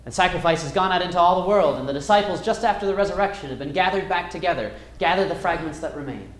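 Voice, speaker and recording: A man's voice: high voice, expressive, fast talker. Man teaching a Bible class, echoey room. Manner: reads verses aloud and retells the story with wide swings in loudness.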